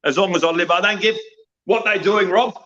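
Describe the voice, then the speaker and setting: An older Australian man of around seventy, a wrestling guest in an interview, rants bluntly and profanely, adding "mate" to nearly every line. His voice sits high and is bright and forceful, delivered fairly quickly on a lo-fi recording.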